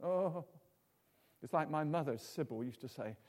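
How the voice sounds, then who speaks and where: A man's voice: on the high side, expressive, normal speed, darkish tone. A man preaching an informal sermon in a chatty, jokey way, full of tag questions.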